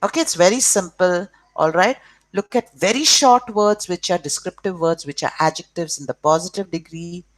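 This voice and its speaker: A woman teaching children a grammar lesson, who spells words out letter by letter, stretches them slowly and checks along with "okay". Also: lowish voice, no room sound.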